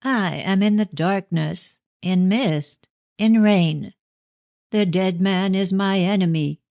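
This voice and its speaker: A woman voicing a thin, dramatic middle-aged clairvoyant, effusive when awake and slow and solemn in trance, in a dry audiobook reading. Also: medium pitch, darkish tone, no echo, voice pushed up.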